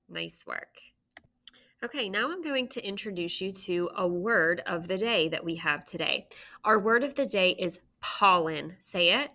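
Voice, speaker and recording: Woman teacher, unhurried and clear, bright tone, recorded phonics lesson for kids. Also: on the low side, expressive. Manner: slow, clear teacher talk with drawn-out sounds.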